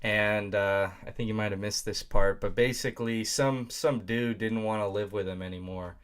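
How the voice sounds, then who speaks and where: A man hosting a live stream, reacting to a video in blunt, profane casual talk with sudden loud outbursts. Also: lowish voice, fairly even intonation, moderate pace, clean tone. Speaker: stream host.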